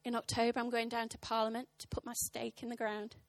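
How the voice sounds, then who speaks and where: A woman in her thirties preaching a sermon, telling a funny story with animated, impassioned, punchy delivery to a church congregation. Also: on the high side, quick pace, no room sound. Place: church service.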